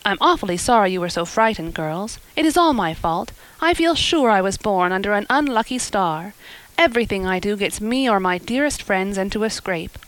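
A woman's voice: mid-range voice, lively intonation, normal speed, fairly bright tone, natural voice, low-quality recording. A woman voicing an impulsive, romantic young girl who talks earnestly and at length in a storybook reading. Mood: flustered. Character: eager young woman, chatty, romantic, spirited.

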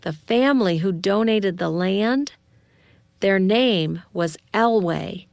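A woman's voice: mid-range voice, slow, creaky, darkish tone, no echo. Woman reading as an eager, conspiratorial teen girl. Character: excited teen girl spinning a theory.

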